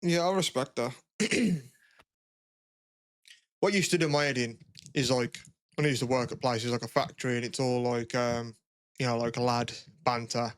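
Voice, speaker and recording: This young podcast co-host speaks at a moderate pace in a smooth, medium-pitched, steady voice, pausing often. His talk is casual and rambling, heavy on fillers and swearing, and the studio sound is clean with no echo.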